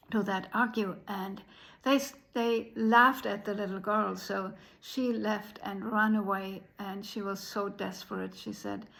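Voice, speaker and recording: A woman telling a folk tale in an unhurried way, pausing often. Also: medium pitch, gravelly, a bit bright, low-quality recording. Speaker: storyteller.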